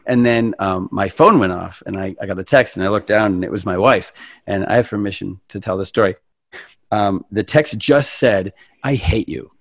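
A man hosting a casual conversation, telling stories in an animated way and acting out quotes. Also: normal speed, no room sound. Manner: animated storyteller, acts out quotes with big pitch jumps. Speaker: podcast host.

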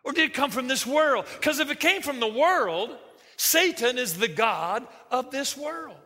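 Animated preacher man in a reverberant hall. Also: extremely high pitch, measured pace. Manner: animated, acts out quoted voices, jokey asides. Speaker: pastor. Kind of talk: sermon.

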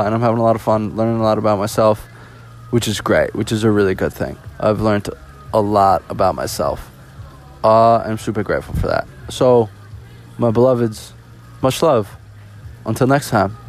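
A man's voice: fairly low pitch, fairly even intonation, normal speed, long pauses, faint music behind. A young man from the US East Coast, hosting a casual solo podcast, rambling and joking with lots of restarts. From East Coast of the United States. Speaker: podcast host.

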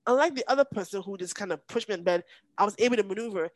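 A woman's voice: mid-range voice, no echo, rough recording. Woman telling an intense story. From Nigeria. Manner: intense, halting, breaks off with emotion. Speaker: podcast guest. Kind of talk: emotional personal storytelling.

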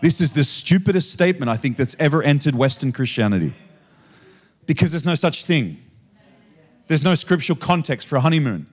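Animated man preaching a sermon. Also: on the high side, brisk, breathy edge. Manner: conversational and animated, frequent "you know" asides. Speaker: guest preacher. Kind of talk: sermon with storytelling. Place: church sanctuary.

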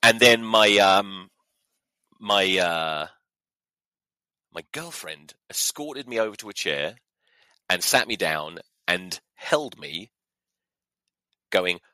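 A man's voice: low-pitched, lively intonation, slow pace, long pauses, pushed and bright, no echo, rough recording. A young man, a podcast host, telling a story in a sweary, mock-outraged monologue. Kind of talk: casual comedic monologue.

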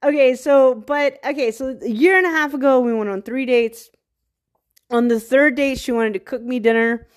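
A woman from small-town Virginia with a Southern accent, talking to camera in a rambling casual monologue, full of fillers, restarts and quick laughs. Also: high voice. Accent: Southern American, rural Virginia. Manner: laughs often mid-sentence. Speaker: vlogger.

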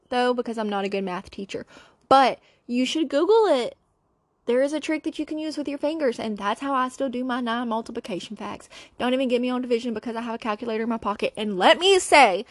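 Solo podcast host, woman in her 30s, bright higher voice, dry close sound, chatty storyteller. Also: dry recording. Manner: chatty, laughing, playful impressions. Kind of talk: casual storytelling chat.

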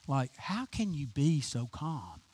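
Lively pastor, chatty. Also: male voice, fairly high pitch, slow pace, slightly rough. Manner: lively, chatty and enthusiastic, with restarts. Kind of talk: informal sermon to a congregation. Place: church sanctuary.

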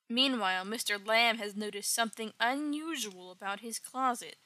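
Woman host, casual comic recap, wry asides; very bright, dry voice. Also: fairly high pitch, normal speed, no room sound.

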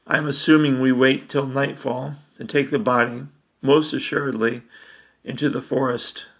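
A man's voice: medium pitch, little pitch movement, normal speed, gravelly, fairly bright tone, breathy edge. A man voicing a nervous, stammering man who poses as a boy's father in a read-aloud story. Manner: stammering, hedging.

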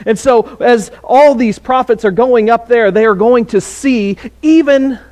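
A man's voice: extremely high pitch, a little slow, darkish tone. A man preaching a sermon in a conversational way, with fillers and restarts.

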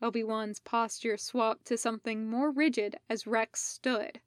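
Slow, deliberate woman narrator. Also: fairly high pitch, fairly even intonation, no room sound, clean studio sound. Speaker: podfic reader. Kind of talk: fan fiction audiobook narration.

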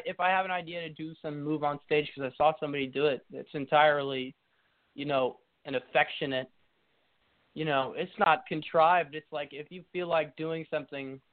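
A young man, a musician guest, chatting casually and rambling through his thoughts in an interview. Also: a little high. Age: young adult. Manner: rambling, quick asides. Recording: tinny phone-like line.

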